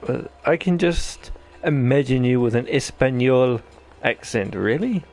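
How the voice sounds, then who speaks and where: A man's voice: medium pitch, lively intonation, measured pace, darkish tone. A man with a New Zealand accent giving rambling, jokey let's-play commentary as host of his gaming channel. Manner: rambling, jokey, self-deprecating chatter.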